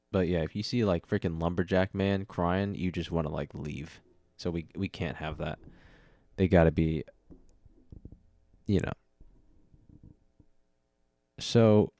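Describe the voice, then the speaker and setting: A yawning man hosting a solo podcast, talking in a loose, rambling way with a deep voice. He keeps laughing at his own jokes and catching himself mid-thought. The sound is dry and close, recorded at home on a desk mic. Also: slow, pauses often, a little mellow, no room sound. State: sleepy, yawning. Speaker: podcast host. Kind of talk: casual solo podcast talk. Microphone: studio mic with audio interface.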